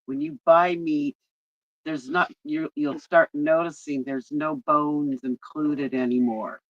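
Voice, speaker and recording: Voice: medium pitch, fairly even intonation, slow, no echo. A person chatting casually, tossing in short dry comments. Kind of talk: casual chat. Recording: dry, dull lo-fi sound.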